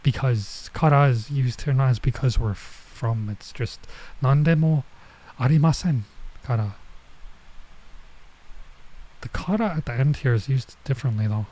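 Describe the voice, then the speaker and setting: A man streaming as he reads a manga aloud, thinking out loud and hesitating while he works out translations. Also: mid-range voice, moderate pace, few pauses, rough recording.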